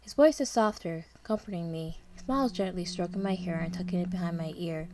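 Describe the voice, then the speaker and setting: A woman narrating a dark story in the first person, with a dramatic, tense and fearful delivery. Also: lowish voice, brisk, hardly any pauses. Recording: noisy background hiss.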